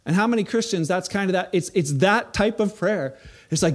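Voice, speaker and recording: A man giving a sermon as a pastor, animated, acting out the voices of people he quotes. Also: high voice, fairly quick.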